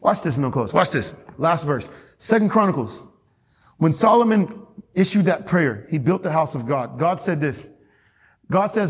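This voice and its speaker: A man's voice: fairly high pitch, very animated, normal speed, slightly rough. A man preaching a fervent, emphatic sermon as pastor, reading scripture aloud to his church. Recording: long reverb in a church hall.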